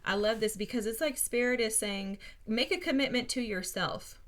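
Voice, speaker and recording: Speaking at a moderate pace, this tarot reader has a fairly high, fairly bright voice. She addresses her viewers directly during a casual spiritual reading, earnest and encouraging, with a brief emotional moment.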